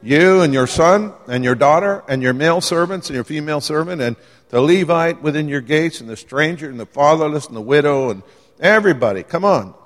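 Speaking slightly high and a little fast, a man gives a sermon to a live congregation in a church hall heavy with long reverb. He keeps it lively and chatty, joking around and asking the audience questions.

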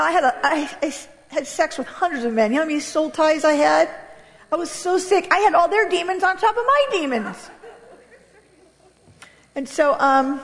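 Woman, high voice, animated and candid church testimony, long hall reverb. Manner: animated, candid, laughing often. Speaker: guest speaker giving testimony.

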